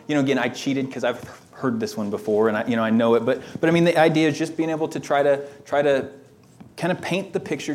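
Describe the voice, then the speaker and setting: A man reading a scripture passage slowly and deliberately, then thinking it through aloud as a Bible study teacher. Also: mid-range voice, a little mellow.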